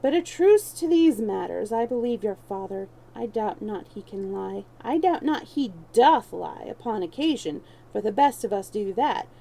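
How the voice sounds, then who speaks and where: A woman's voice: mid-range voice, animated, normal speed, gravelly, few pauses, dark tone, poor audio. A woman voicing a crafty young male street thief who mocks and schemes in archaic speech. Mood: scheming.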